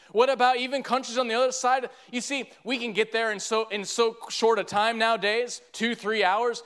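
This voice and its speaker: High-voiced earnest male preacher. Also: a bit bright, smooth. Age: 30s. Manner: earnest preaching with repeated restarts. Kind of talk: sermon.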